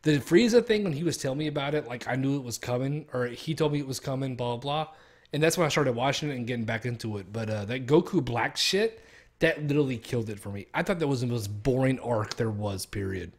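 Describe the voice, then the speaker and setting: Young dude streamer, rambly, curses a lot, normal pitch. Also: male voice, quick pace. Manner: rambling, profane, laughs at own stories. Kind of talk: casual chat.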